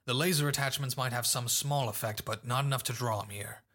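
A man's voice: mid-range voice, a little fast, fairly bright tone, close to an everyday voice. A man voicing a cold, calculating adult male crime boss, speaking in curt, commanding sentences. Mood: clipped.

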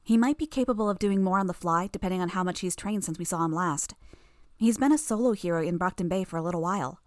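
A woman voicing a sharp-tongued, smug teenage girl villain who rattles off quick explanations in a storybook reading. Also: lowish voice, no echo, studio quality, lightly acted. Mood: knowing, urgent.

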